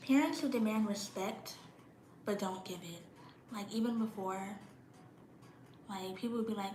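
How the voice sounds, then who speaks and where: A woman's voice: mid-range voice, unhurried, pauses often, darkish tone, roomy sound, slight background noise, poor audio. A young woman vlogging casually, blunt and slangy, shivering a little from the cold. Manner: slangy, blunt, drops into mocking parent impressions. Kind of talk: casual monologue vlog.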